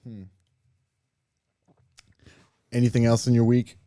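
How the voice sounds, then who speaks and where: A man's voice: medium pitch, warm tone, no room sound, clean studio sound. A man co-hosting a podcast, making wry remarks and short replies in casual chat. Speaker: podcast co-host.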